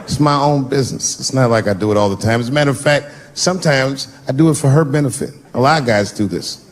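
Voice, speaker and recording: A man telling stand-up stories on stage, animated, swinging between shouts and low mutters. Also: fast. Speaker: stand-up comedian. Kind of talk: stand-up storytelling. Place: stage before a live audience. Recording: live stage recording with background noise.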